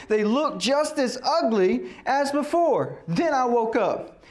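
Animated man preaching a sermon. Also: high-pitched, a little slow. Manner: animated storytelling, acts out quotes; casual conversational preaching. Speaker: pastor.

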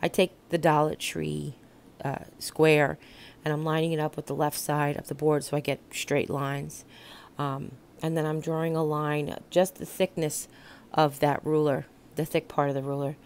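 Low-voiced woman explaining a craft project. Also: little pitch movement, moderate pace, darkish tone, smooth. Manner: chatty, explains step by step with many ums. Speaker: craft channel host. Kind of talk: casual craft tutorial voice-over.

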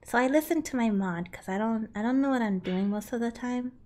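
Giggly gamer girl streaming at home, kinda high voice, reads chat and jokes back. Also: a little fast, darkish tone. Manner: giggly, reads chat aloud and answers playfully; yelps and grunts while playing. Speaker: streamer playing a climbing game. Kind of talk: casual live-stream chat.

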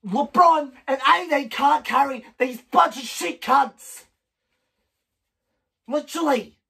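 A woman with a high voice yells a furious rant, swearing hard and barely pausing. A rough, gravelly edge sits on her words, and she sounds fed up. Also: recorded from a distance. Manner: furious shouting, heavy swearing. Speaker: sports fan vlogger. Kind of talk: angry sports rant.

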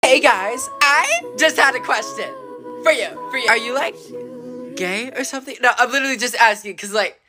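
Woman as a smug schoolgirl, high-ish voice, dramatic whines, clear music underneath. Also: expressive, normal speed, natural voice. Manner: condescending, dramatic, whiny outbursts. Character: smug attention-seeking teen schoolgirl, show-off. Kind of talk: comedy sketch acting. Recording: music playing behind the voice.

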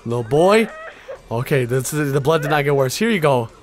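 A man's voice: medium pitch, brisk, faint music behind. A man streaming a horror game, reacting with jumpy outbursts and constant swearing. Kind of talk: horror game let's play commentary.

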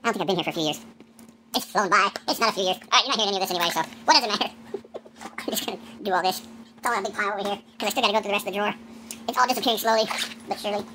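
A man's voice in sped-up playback, chipmunk-high, muttering to himself while he tidies up. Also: bright, forceful tone. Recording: fast-forwarded home video with hiss.

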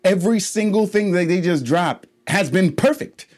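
A man hosting a casual reaction vlog, rambling and swearing as he swings between low, mumbled asides and heated, loud outbursts. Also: normal speed, hardly any pauses. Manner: rambling, profane, ranting. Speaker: reaction channel host.

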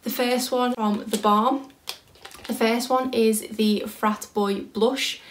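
A woman's voice: medium pitch, a little hiss or hum. A young British woman chatting casually through a beauty haul, thinking aloud as she works out prices. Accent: British English. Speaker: beauty vlogger. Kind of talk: casual product haul chat. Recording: echoey room.

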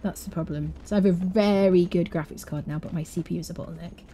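Mellow, low-voiced woman streamer. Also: steady tone, fast, a little hiss or hum. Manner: chatty, rambling, answers chat. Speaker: game streamer. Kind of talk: live gameplay stream chat.

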